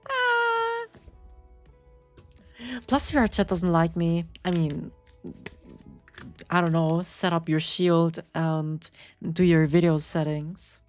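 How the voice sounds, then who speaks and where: A VTuber streamer with a slight German accent chats casually with viewers from her home apartment, her deep, fairly even and slightly mellow voice set against soft background music. She's playful and rambling, answering chat with quick squeals and laughs.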